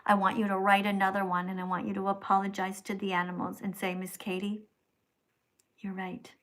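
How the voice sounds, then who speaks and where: A middle-aged woman hosting a livestream, reading paid chat messages aloud and lecturing the sender in a preachy, scolding way, dropping to hushed whispers and rising to loud outbursts. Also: medium pitch, completely flat delivery, fast. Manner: preachy, scolding, repeats the commenter's name. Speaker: livestream host.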